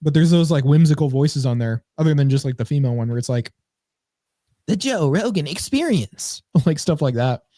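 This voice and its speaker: A man's voice: medium pitch, fairly even intonation, fast, hardly any pauses, mellow, no room sound. A young man co-hosting a comedy podcast, joking and irreverent in casual chat. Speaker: podcast co-host.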